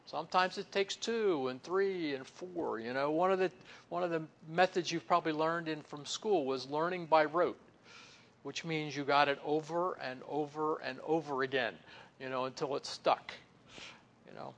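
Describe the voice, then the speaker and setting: A man preaching a conversational sermon, leaning on "you know" and stretching key words slowly before dropping to a soft, low close. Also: gravelly. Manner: folksy, fills pauses with "you know". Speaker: pastor or Bible teacher.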